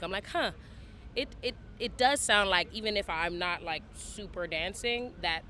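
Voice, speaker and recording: A woman's voice: fairly low pitch, pushed and bright, a little hiss or hum. A woman from Toronto with a Toronto accent, chatting upbeat as a musician guest in an interview backstage outdoors. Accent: Toronto English. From Canada, Toronto. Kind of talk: casual interview.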